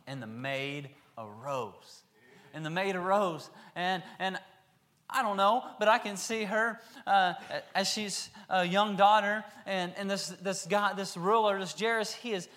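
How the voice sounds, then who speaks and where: A man preaching a sermon, reading scripture aloud and then acting out the characters in lively voices. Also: fairly high pitch.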